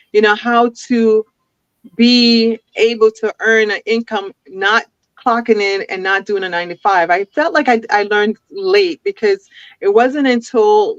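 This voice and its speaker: A woman chatting as an interview guest over a video call, with restarts and frequent laughter. The sound is dull and lo-fi, and the room sounds very dry. Her voice sits at a medium pitch. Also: dry recording. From an island. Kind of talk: casual interview chat. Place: home with a forest backdrop.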